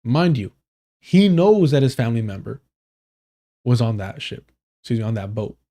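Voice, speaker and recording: A man's voice: mid-range voice, sing-song, moderate pace, dark tone. A man streaming live, reading an article aloud and commenting casually, swearing and stumbling over names.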